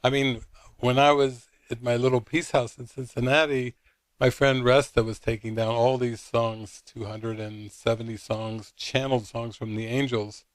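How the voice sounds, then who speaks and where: A man's voice: medium pitch, level tone, normal speed, no room sound. A man who is a spiritual teacher, telling a story at a retreat in a rambling, anecdotal way full of fillers. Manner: anecdotal, retells dialogue with many fillers.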